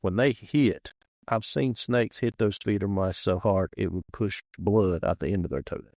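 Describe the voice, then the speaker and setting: A man's voice: on the low side, moderate pace, darkish tone, no room sound, clean studio sound. A man, hosting a podcast and telling rambling, folksy stories in casual chat. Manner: folksy rambling storyteller, acts out quoted voices. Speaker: podcast host. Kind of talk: casual storytelling.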